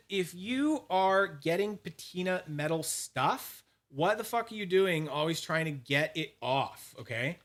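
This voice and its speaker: Bright-voiced rambling man, casual chat. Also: on the high side, lively intonation. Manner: rambling, profane, reads chat names aloud; frequent restarts and fillers, quick asides. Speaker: fidget collector channel host. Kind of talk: casual livestream chat, demonstrating polishing.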